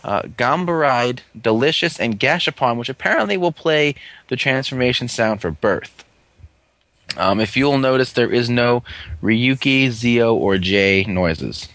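A man's voice: mid-range voice, animated, unhurried, fairly bright tone, no room sound. A man hosting a casual chat, reading through a long list with offhand jokes. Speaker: host. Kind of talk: casual toy-review chat.

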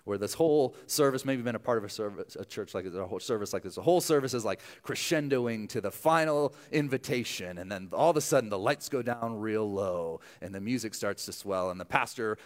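A young adult male pastor preaching a sermon in a conversational, self-deprecating way, full of asides. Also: fairly low pitch.

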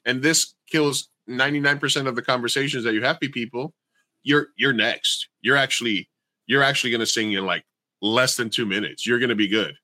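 A man's voice: mid-range voice, steady tone, a little fast, sharp tone, no echo. A man casually telling a long story on a podcast, swearing freely and acting out the people he quotes. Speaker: podcast co-host.

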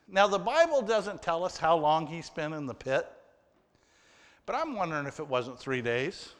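A man preaching a sermon, reading scripture and explaining it earnestly to his congregation. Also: a little high. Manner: earnest, addressing the congregation directly. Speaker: pastor. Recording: long hall reverb.

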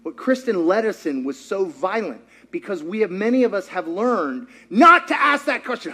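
Male pastor, high voice that swings wide, playful, questions the room. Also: normal speed, hardly any pauses. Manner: animated, quizzes the congregation and acts out quotes. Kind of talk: sermon.

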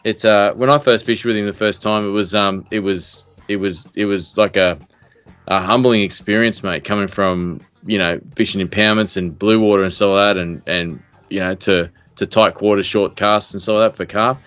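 A man's voice: fairly low pitch, steady tone, moderate pace, fairly bright tone, clean tone, no echo, soft background music. A man with an Australian accent, co-hosting a podcast in rambling, jokey casual banter full of fillers and restarts. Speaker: podcast co-host.

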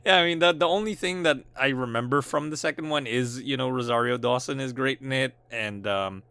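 A man's voice: medium pitch, a little fast, creaky, bright, forceful tone, smooth. A man co-hosting a film podcast in casual chat, rambling with many fillers and restarts and laughing often. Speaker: podcast co-host.

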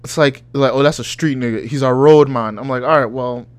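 A man's voice: mid-range voice, fairly even intonation, brisk, clear, resonant tone, no echo. A man co-hosting a casual podcast chat, loose and profane, joking and reacting with disbelief. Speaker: podcast co-host.

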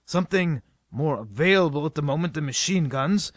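A man's voice: a little high, lively intonation, brisk, dry recording, studio quality, natural voice. A man playing a brusque, impatient professor in an adventure story. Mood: snappish. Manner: snappish, impatient. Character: brusque older male professor.

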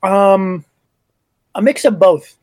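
A man's voice: sits high, slow, a little mellow. A man playing a character in a tabletop game, joking and eager in casual banter. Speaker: player.

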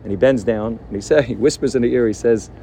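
A man giving a sermon as a rabbi, telling a story in an animated way and sprinkling his speech with Yiddish and Hebrew words. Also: mid-range voice, fast, gravelly, a little hiss or hum.

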